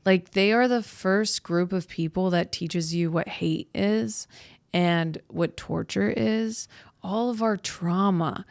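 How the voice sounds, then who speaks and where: A woman with a lowish, gravelly voice rambles through a comedic podcast monologue, crude and irreverent and quick to mock herself. The sound is close and dry, with no room around it. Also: no room sound. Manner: crude, irreverent, self-mocking. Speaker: podcast host.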